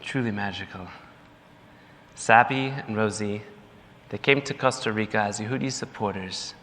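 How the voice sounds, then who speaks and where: A man giving a lively storytelling speech at a gala, acting out the people in his story. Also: lowish voice, a little hiss or hum. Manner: lively storyteller, mimics others in quotes. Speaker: gala speaker for the organization. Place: large banquet hall. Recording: long hall reverb.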